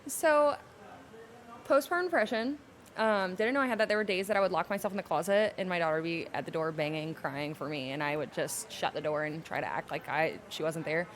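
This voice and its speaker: A young adult woman, a podcast guest telling her personal story candidly and emotionally, slowing down to hold back tears. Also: sits low. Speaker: podcast guest, salon owner.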